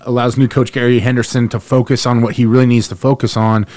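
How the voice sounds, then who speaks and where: A man's voice: medium pitch, little pitch movement, quick pace, darkish tone, no echo. Chatty man co-hosting a sports podcast. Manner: rambling, jokey, with restarts. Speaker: podcast co-host. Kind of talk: casual sports podcast chat.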